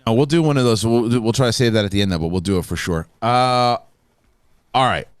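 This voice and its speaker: A man hosting a live show, telling stories in a casual, animated way with frequent laughs. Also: lowish voice, a little fast, clean tone, no room sound. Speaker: host. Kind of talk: casual chat.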